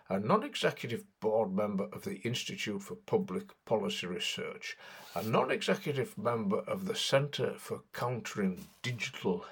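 A man's voice: lowish voice, gravelly, fairly bright tone, husky. A man delivering sardonic satirical political commentary in a mocking, sarcastic way.

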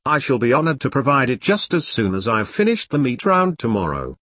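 A man's voice: mid-range voice, very animated, brisk, a bit bright, no echo, studio quality. A man reading the part of an eager, formal, overkeen older corporal.

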